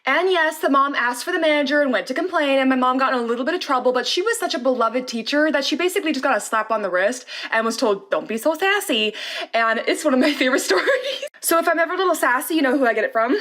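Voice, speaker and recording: A young woman with a high, bright voice tells personal stories to her viewers. She talks casually and with animation, laughing between anecdotes and acting out the lines she quotes. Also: lively intonation, fast talker. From Southern California. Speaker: storyteller vlogger.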